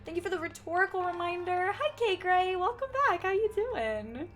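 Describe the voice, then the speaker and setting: Lively chatty woman streamer. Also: very high voice, normal speed. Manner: chatty, greets chat, thinks aloud. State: sore throat, sipping tea. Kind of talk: casual game livestream chat.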